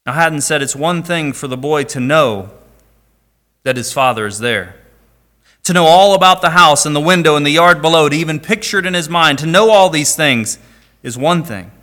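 A man's voice: a little high, expressive, moderate pace, sharp tone. A man preaching a sermon, reading scripture and earnestly pleading with his listeners. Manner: earnest, pleading, rising to emphatic calls. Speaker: pastor.

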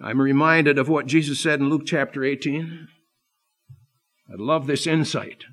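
A man preaching a sermon, impassioned, swinging from loud emphasis to hushed, earnest asides. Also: fairly high pitch, measured pace.

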